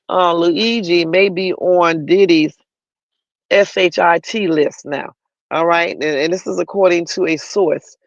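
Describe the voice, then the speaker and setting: A man's voice: high voice, gravelly, dry recording, muffled recording. A man hosting a livestream, giving chatty, opinionated commentary on the news and talking straight to his viewers. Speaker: livestream host.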